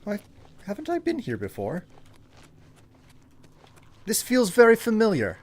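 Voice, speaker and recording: A male game streamer with a lively, bouncing delivery that swings widely up and down. He chats casually and playfully, half to his viewers and half to himself, as he works through the game. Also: high voice, a little slow. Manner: chatty, playful, talks to himself while playing. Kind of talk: casual live-stream gameplay commentary.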